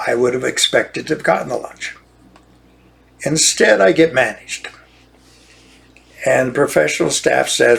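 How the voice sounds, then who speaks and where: A man's voice: medium pitch, unhurried, gravelly, long pauses, fairly bright tone. An older man, a retired lawyer, talking in an indignant, repetitive monologue, often restarting his phrases. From United States. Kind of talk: monologue rant.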